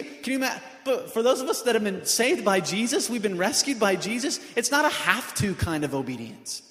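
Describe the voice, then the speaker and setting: A man's voice: sits high, sing-song, a little fast, a bit bright. Male preacher in an echoey hall. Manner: earnest, many rhetorical questions. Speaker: pastor. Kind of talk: sermon. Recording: echoey hall with long reverb.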